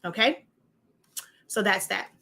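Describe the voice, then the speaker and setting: A woman with a bright, forceful voice hosts a crafting show. She talks casually and rambles through her examples, restarting sentences as she goes. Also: mid-range voice, slow pace, vocal fry. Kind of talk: casual demonstration walkthrough.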